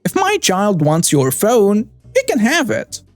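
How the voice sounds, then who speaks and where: A man's voice: sits high, wildly swooping pitch, measured pace, gravelly, a little mellow, no room sound, faint music behind, pitched above the performer's own voice, full character voice. A man voicing a pushy entitled mother. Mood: demanding. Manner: demanding, insistent.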